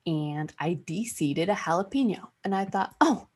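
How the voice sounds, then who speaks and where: A woman hosting a podcast, telling a story in casual chat, animated, swearing freely and acting out what she said. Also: on the low side, moderate pace, husky. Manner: animated, swears freely, acts out her own past remarks. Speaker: podcast host.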